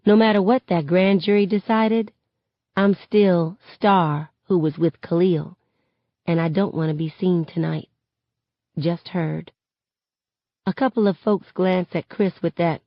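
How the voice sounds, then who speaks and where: A woman reading a novel aloud in steady first-person narration that rises sharply on shouted lines. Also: on the low side, a little slow, no echo. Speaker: reader. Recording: dull lo-fi, dry sound.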